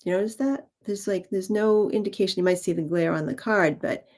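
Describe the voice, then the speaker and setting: A woman co-hosting a spiritual livestream and reading cards in casual chat over a video call, laughing easily and talking in halting phrases. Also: mid-range voice, a little mellow. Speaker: co-host and card reader.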